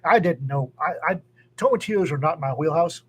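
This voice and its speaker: A man's voice: on the high side, lively intonation, normal speed, breathy edge. A man chatting casually as a podcast co-host, rambling with many restarts. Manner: rambling, frequent restarts and fillers. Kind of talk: casual chat.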